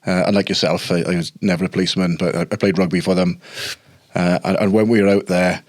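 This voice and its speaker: A man and former rugby player, telling a story in a relaxed way on a podcast. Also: low voice, fast, no echo, studio quality. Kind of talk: casual chat.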